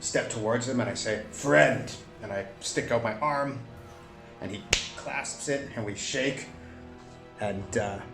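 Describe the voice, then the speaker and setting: A man narrating a solo tabletop game, thinking aloud with many pauses and fillers. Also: mid-range voice, roomy sound, music in the background.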